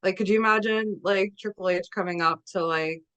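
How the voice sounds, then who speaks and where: A woman's voice: medium pitch, fairly even intonation, fairly quick, a bit bright, clean tone. Joking woman podcast co-host. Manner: joking, laughs often. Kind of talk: casual podcast chat.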